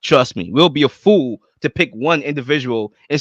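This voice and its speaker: A man's voice: mid-range voice, a little fast, few pauses, dry recording. A man hosting a sports podcast, posing the debate questions and handing the mic to his guests. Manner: lively, animated questioning. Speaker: podcast host.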